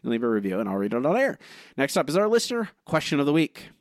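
Animated man co-hosting a podcast. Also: a little high, no echo, clean studio sound. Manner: animated, self-deprecating, halting restarts. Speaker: podcast co-host. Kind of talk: casual podcast chat, reading listener reviews.

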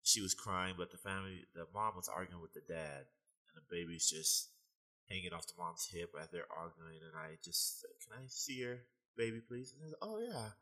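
Deep-voiced man telling lively stories. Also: brisk, low-quality recording. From United States. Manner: animated storyteller, laughs often. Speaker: guest, fitness trainer. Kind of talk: casual interview storytelling.

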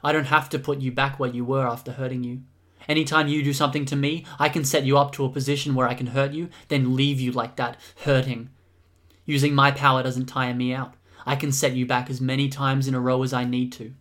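A man's voice: medium pitch, little pitch movement, fairly quick, a bit bright, natural voice. A man reading aloud and voicing a cocky, hostile young man in a storybook reading. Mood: threatening.

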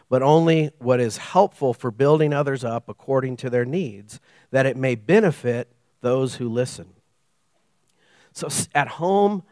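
Man, middle-aged, pastor preaching, animated, acts out voices, dry close recording. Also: medium pitch, no room sound. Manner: animated storytelling, acts out dialogue. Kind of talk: sermon.

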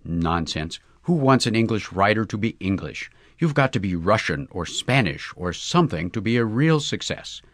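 A man's voice: on the low side, very animated, moderate pace, few pauses, fairly bright tone, no room sound, studio quality. A man voicing a proud, ambitious young woman who speaks in a prim, superior way. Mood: scornful.

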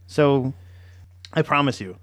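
A man's voice: mid-range voice, slow pace, fairly bright tone, no echo, studio quality. A man co-hosting a casual podcast, joking loosely and swearing freely. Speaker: podcast co-host.

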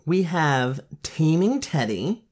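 A woman's voice: low-pitched, big pitch swings, slow pace, darkish tone. A woman co-hosting a podcast, reading a book summary aloud and cracking jokes in casual banter. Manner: joking, reads summary aloud. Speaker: podcast co-host.

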